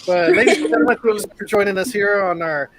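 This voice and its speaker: A man's voice: sits high, sing-song, quick pace, a bit bright, a little hiss or hum. A middle-aged man hosting a live music talk show, casually reading viewer comments aloud. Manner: easygoing, reads comments aloud. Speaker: show host.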